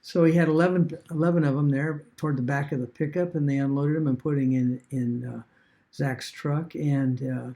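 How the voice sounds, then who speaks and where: Gravelly man telling a story casually. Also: on the high side, steady tone, warm tone. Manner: rambling, halting with fillers and restarts. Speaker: online business vlogger.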